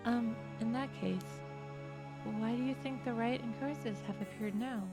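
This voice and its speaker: Woman as a polite young student heroine in a game, courteous, fairly high voice. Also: unhurried, music in the background. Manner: polite, pleading.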